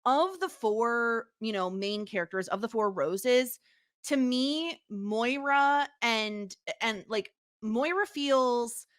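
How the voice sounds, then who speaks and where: A woman's voice: fairly high pitch, animated, takes it slowly, no echo, studio quality. A woman co-hosting a podcast in casual chat, talking loosely with many fillers and easy laughter. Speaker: podcast co-host.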